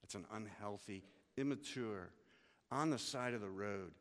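A man preaching a sermon to his congregation, swinging from hushed, slow lines to loud, urgent ones. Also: lowish voice. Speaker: pastor. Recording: long hall reverb.

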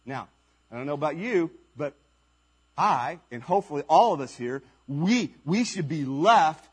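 A male pastor delivering a sermon, his fairly high voice rising and falling in wide, animated swings. His tone is husky and breathy, and he takes his time, pressing each point with emphasis and rhetorical questions. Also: a little slow. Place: church service.

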